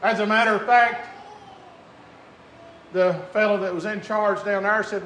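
A man preaching a sermon, moving between quiet conversational asides and drawn-out shouted climaxes. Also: high-pitched, fairly even intonation. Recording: echoey room with faint crowd and noise.

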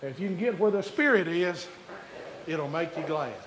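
A man preaching a sermon in a church, shouting in a chanting preaching cadence. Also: on the high side, lively intonation, normal speed, a little hiss or hum. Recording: echoey church room.

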